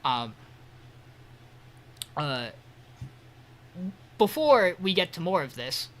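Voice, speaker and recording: A man's voice: on the high side, very animated, drawn-out words, fairly bright tone. A man co-hosting a podcast, giving a loose, joking episode recap with sarcastic asides. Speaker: podcast co-host.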